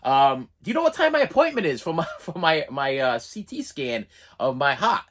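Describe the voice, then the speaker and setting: A young man telling a personal story in a casual vlog, animated and exasperated, often repeating and restarting words. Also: on the high side, fast. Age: young adult.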